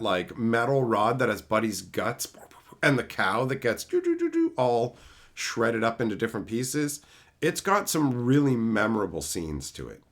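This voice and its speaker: A man streaming live and casually answering chat about movies, rambling and swearing freely as he talks. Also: mid-range voice. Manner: rambling, profane, animated.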